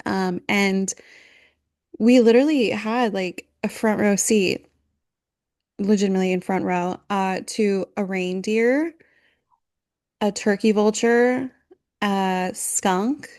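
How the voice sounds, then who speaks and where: A woman in her thirties co-hosting a podcast, talking in a relaxed, easygoing casual chat. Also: mid-range voice, takes it slowly, pauses often. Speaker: podcast co-host.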